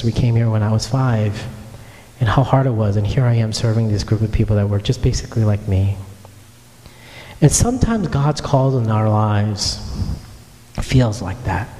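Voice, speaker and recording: A man's voice: on the low side, mellow. A man preaching a sermon and telling his own story earnestly, speaking straight to the congregation. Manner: earnest storytelling, addresses listeners directly. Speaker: pastor. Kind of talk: sermon with personal testimony. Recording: long reverb of a hall.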